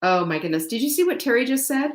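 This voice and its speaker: A woman's voice: a little high, sing-song, fast, echoey room. Gushing woman hosting a live sales stream. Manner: gushing, chatty, addresses viewers directly. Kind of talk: live-stream product pitch.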